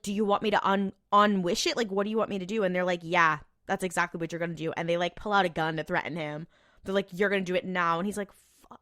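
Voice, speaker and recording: A woman's voice: medium pitch, a bit bright, dry recording. Chatty young woman, dry close sound. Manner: rambling, filler-heavy retelling with quoted voices. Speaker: podcast co-host. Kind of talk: casual recap chat.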